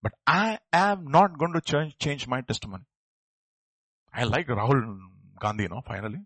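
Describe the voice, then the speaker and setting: A man's voice: medium pitch, moderate pace, fairly bright tone, slightly rough, no echo. A man preaching a sermon, acting out quoted voices and building to emphatic outbursts. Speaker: pastor.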